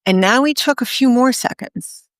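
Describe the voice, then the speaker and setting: A woman guest in a podcast interview, telling a story earnestly with emphatic pauses. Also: fairly high pitch, no echo, studio quality. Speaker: guest author and speaker.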